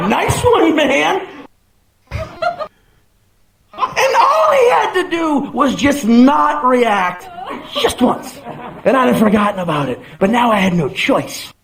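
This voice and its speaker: A young man doing stand-up, telling an animated story and laughing through it. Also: very high voice, takes it slowly. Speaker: stand-up comedian. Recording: roomy stage sound with background noise.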